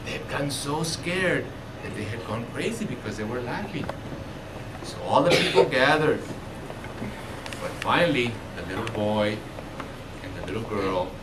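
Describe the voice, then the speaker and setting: A bilingual teacher telling a story to schoolchildren, slow and emphatic, lifting his voice for the voices of villagers. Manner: animated, slow and emphatic, rising pitch for quoted villagers. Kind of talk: storytelling to children. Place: school classroom. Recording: echoey classroom from far off, noisy.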